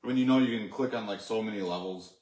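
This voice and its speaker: Rambling man with a lowish voice. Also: quick pace, a little mellow. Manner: rambling, lots of fillers like "like" and "you know". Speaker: co-host. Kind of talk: casual chat. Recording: echoey room.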